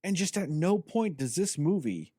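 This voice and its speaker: Animated, sarcastic man reviewing movies. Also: on the high side, normal speed, husky, no echo, clean studio sound. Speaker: podcast co-host. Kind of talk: casual movie review chat.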